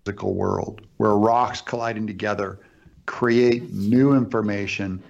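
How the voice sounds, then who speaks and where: A man with a low, gravelly voice argues firmly in a debate, stacking up his examples one after another. The sound is dull and lo-fi, as if replayed from a stream. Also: steady tone, measured pace, a little mellow. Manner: assertive, builds points in lists. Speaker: debate guest arguing for creation. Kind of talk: argumentative discussion.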